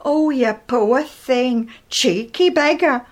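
A woman's voice: sits high, takes it slowly, voice pushed up. A woman voicing a fussing, indignant older neighbour. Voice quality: scandalised, fussing.

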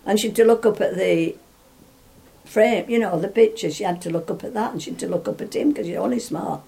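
A woman's voice: mid-range voice, brisk, creaky, mellow. An older woman telling a story from memory in a rambling way, often restarting and chuckling. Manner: rambling, full of restarts, laughs while telling. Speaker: interviewee. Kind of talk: reminiscing storytelling.

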